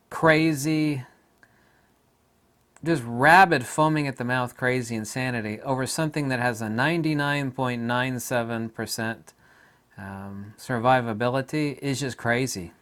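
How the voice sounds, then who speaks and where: Ranting middle-aged man, loud outbursts. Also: mid-range voice, a little slow. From United States. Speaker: video commentator. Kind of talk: casual monologue.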